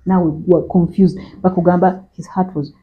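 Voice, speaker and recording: A woman's voice: on the low side, fairly even intonation, normal speed, narrow, tinny audio. A woman with a Ugandan accent, a guest in an interview, recounting a personal story and switching between Luganda and English in a conversational way.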